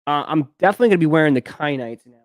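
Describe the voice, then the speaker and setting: A man's voice: on the high side, expressive, racing, no echo, clean studio sound. A young man hosting a live stream, chatting casually and telling a long rambling story with lots of fillers. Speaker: sneaker live stream host.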